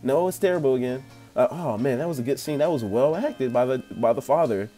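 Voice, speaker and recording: Young guy ranting about a movie, laughs and swears a lot, kinda dark mellow voice, faint music behind. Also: mid-range voice, fairly quick. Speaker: movie reviewer. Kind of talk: casual rant-style review.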